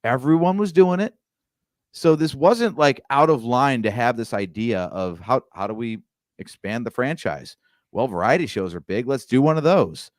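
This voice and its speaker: Male podcast co-host, animated storyteller, dry close mic. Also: mid-range voice, moderate pace, no echo. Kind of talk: casual podcast chat.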